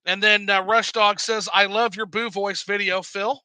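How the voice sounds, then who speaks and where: A man hosting a casual livestream, reading chat aloud, animated and swearing freely. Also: high-pitched, moderate pace, over a noisy crowd, rough recording.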